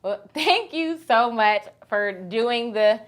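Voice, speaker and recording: A woman in her thirties hosting a casual chat, telling a story in an animated, teasing way. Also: on the high side, takes it slowly. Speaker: host.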